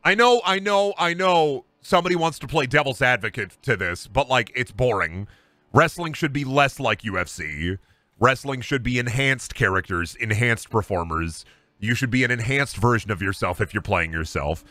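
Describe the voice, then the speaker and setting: A man's voice: mid-range voice, lively intonation, normal speed, pushed and bright, dry recording. A man streaming a game and ranting casually about wrestling, heated, emphatic and profane. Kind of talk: casual rant while gaming on stream.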